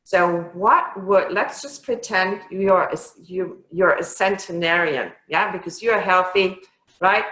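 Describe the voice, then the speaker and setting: Woman interview host, unhurried and gushing, echoey room. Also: lowish voice, fairly bright tone. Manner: enthusiastic, gushing reactions. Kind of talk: casual interview.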